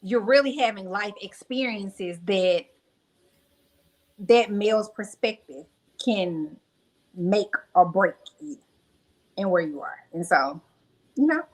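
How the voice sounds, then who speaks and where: A woman's voice: medium pitch, expressive, takes it slowly, pauses often, darkish tone, low-quality recording. A young adult woman speaking candidly as a podcast guest, telling reflective personal stories with many fillers. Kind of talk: podcast interview.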